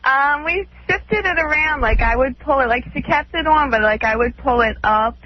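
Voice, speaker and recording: A woman's voice: high-pitched, normal speed, slight background noise. A woman guest on a radio show, talking in a loose, chatty way full of "like" and "you know.". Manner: chatty, loose, full of 'like' and 'you know'. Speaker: in-studio guest. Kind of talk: casual chat on radio. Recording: dull lo-fi radio broadcast.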